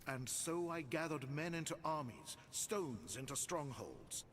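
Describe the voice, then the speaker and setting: An actor playing a solemn duke, giving slow, weighty royal speeches. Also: male voice, a little high, very animated, a bit bright, a little hiss or hum. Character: solemn duke, ruler readying for war.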